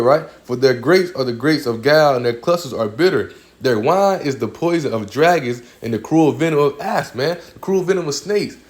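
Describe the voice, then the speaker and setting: A man teaching scripture in a casual, informal way, often adding "man", stammering on repeated words and slowing down to read verses aloud. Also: on the high side. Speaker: religious speaker.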